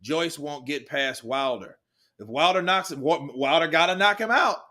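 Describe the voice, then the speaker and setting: This fairly high-pitched man narrates a boxing match as it happens, rattling off punches in excitable, casual play-by-play laced with free swearing.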